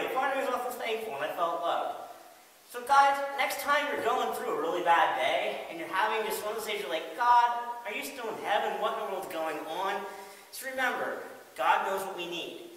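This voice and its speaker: A man telling a lively story about a bad day in a devotional talk, laughing and exasperated. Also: high voice, normal speed. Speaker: ministry speaker. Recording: echoey distant room recording with faint hiss.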